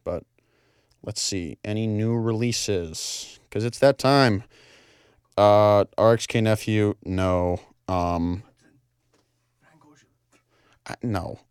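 A man's voice: on the low side, extremely slow, long pauses, clear, resonant tone, dry recording, clean studio sound. Rambling young man hosting college radio. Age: young adult. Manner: easily flustered, apologetic, rambling with fillers. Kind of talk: casual radio chat. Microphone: studio microphone.

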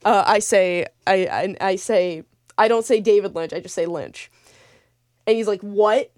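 A woman's voice: mid-range voice, a little slow, darkish tone. A young woman rambles into a close studio mic as the late-night radio host. She restarts her sentences often and fills the gaps with ums. The sound is dry, with no room echo. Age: young adult. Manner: rambling, many fillers and restarts.

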